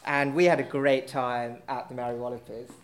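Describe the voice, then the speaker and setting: A man's voice: mid-range voice, flat delivery, normal speed. A man telling a casual anecdote on stage, rambling with lots of fillers and poking fun at himself. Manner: rambling, filler-heavy, self-mocking. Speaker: storyteller at a live event.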